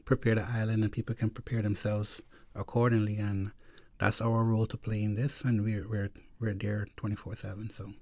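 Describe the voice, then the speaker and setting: Brief: low-pitched man, weather official, matter-of-fact, dry studio. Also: level tone, moderate pace, mellow, dry recording. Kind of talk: radio interview guest.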